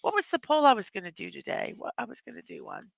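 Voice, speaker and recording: A woman's voice: medium pitch, wildly swooping pitch, quick pace, gravelly, no echo. A woman hosting a casual livestream, chatting away, rambling with restarts and frequent laughs. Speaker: livestream host.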